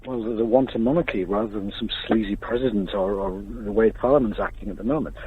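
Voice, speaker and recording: A man's voice: fairly low pitch, fast talker, slightly rough. A man from London calling in to a radio show, insistent and defensive, talking over the host. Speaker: caller. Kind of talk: phone-in call. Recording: tinny phone line.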